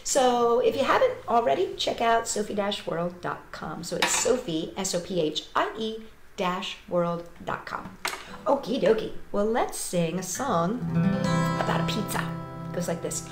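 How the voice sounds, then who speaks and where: A woman who entertains children, reading a picture book aloud in an animated, sing-song way with playful animal noises. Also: medium pitch, unhurried, echoey room, music in the background.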